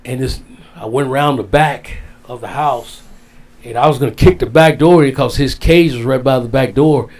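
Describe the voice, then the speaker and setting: A man's voice: medium pitch, moderate pace, darkish tone. An older man, an interview guest, telling an emotional story in a rambling way and often repeating his phrases. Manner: rambling, repeats phrases, Southern-style casual grammar.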